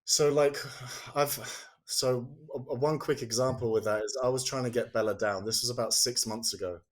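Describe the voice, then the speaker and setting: A man chatting as a podcast guest. He often restarts his sentences and acts out the quoted lines in his stories. His voice sits at an ordinary, middle pitch. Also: fairly even intonation, normal speed. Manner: storytelling, acting out quoted speech. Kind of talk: casual conversation.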